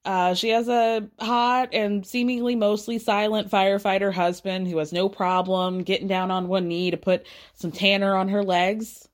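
A woman giving a casual, gossipy recap of a reality show, slipping into quick impressions of the cast as she retells their lines. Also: medium pitch. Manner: gossipy, animated, mimics cast members' voices.

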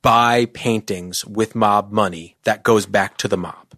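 A man's voice: on the low side, steady tone, a little slow, fairly bright tone, no echo, clean studio sound. A man co-hosting a podcast, dryly and exasperatedly critiquing a movie, with frequent restarts. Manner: wry, exasperated, stammering restarts. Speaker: podcast co-host. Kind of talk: casual movie review chat.

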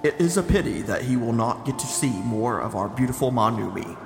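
A man's voice: medium pitch, expressive, a little fast, vocal fry, echoey room, over music, voice pushed up. A man voicing a solemn mourning sailor who speaks a formal, reverent blessing.

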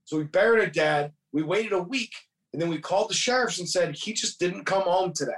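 A man's voice: high-pitched, brisk, fairly bright tone, recorded from a distance. A man casually retelling a movie plot, profane and rambling, quoting characters as he goes. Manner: profane, rambling storytelling with quoted voices. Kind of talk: casual movie recap chat.

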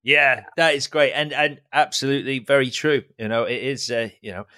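A middle-aged man hosts a film interview in a casual, wry tone, often stammering and restarting his sentences. His voice sits in a middle pitch. It is recorded close and dry, with no room sound. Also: steady tone, moderate pace, bright, forceful tone, no room sound. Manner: stammering restarts, wry, self-described cynic. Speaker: podcast host.

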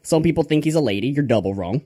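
Brief: man playing a goofy self-styled preacher, swooping pitch, loud revival-style pronouncements. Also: expressive, fast talker, breathy edge. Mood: preachy. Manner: mock-preachy, absurd sermonizing. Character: rambling Georgian preacher man, Father Grandfather. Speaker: character from podcast RPG.

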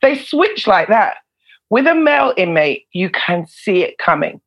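A woman, a former prison officer and comedian, telling stories in a casual interview, animated and swearing freely. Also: fairly low pitch, unhurried, dull audio. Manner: animated, swears freely, laughs between lines. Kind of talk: casual storytelling in a podcast interview.

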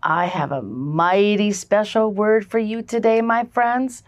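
A woman's voice: medium pitch, takes it slowly, no room sound. A woman hosting a faith show, talking casually and emphatically as she opens a Bible study. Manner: warm and chatty, emphatic lists. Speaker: podcast host and ministry founder.

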